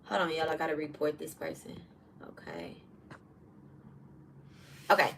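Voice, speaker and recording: A woman's voice: low-pitched, sing-song, unhurried, gravelly, a little hiss or hum, low-quality recording. A middle-aged woman hosting a podcast, telling a personal story in a frank, profane, casual way and breaking off to address viewers. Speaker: podcast host.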